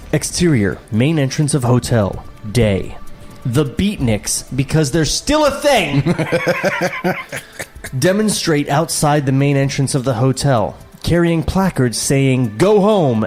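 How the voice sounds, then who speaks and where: A man co-hosting a comedy podcast, reading a screenplay aloud with sarcastic, deadpan asides. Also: medium pitch, slow pace, long pauses, soft background music. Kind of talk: comedic table read with commentary.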